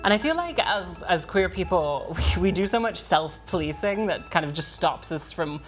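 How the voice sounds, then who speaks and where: A woman's voice: lowish voice, loud music behind the voice. Wry young woman doing stand-up. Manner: quick, wry, deadpan delivery. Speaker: stand-up comedian. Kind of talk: stand-up comedy set. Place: live comedy stage.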